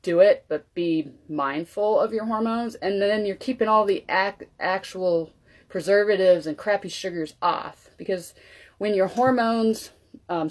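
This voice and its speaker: A woman chatting casually on her vlog while she makes a coffee drink, moving around as she talks so her voice comes and goes. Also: mid-range voice. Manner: chatty, loose and conversational. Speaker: wellness vlogger. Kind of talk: casual cooking demo chat.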